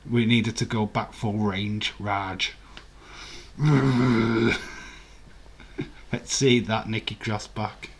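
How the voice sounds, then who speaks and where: Extremely slow and pausing often, a man with a husky, fairly low voice and fairly even intonation hosts a relaxed live watch-along. He rambles, responds to comments from viewers, and laughs a lot.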